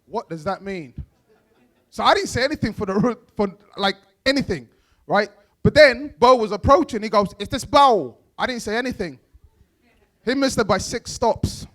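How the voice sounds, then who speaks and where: Young man, very high voice, stand-up comedian, playful teasing, slangy. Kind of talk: stand-up comedy set at an awards event.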